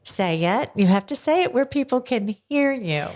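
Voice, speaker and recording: An older woman hosting a podcast, chatting with a child and coaxing him along with slow, gentle questions. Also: fairly high pitch, expressive. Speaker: podcast host interviewing her grandson. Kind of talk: casual interview chat. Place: small home podcast studio.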